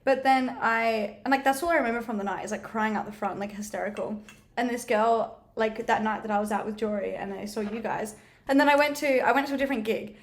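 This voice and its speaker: A woman, a guest in a casual chat, telling a story animatedly, acting out quotes and swearing freely. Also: mid-range voice. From Australia.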